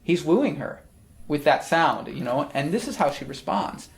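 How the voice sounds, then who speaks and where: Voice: mid-range voice, animated, moderate pace, gravelly. Friendly teacher walking through a text, keeps asking okay?. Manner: friendly, explains with frequent "okay?" checks. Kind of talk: recorded lesson on Shakespeare's language.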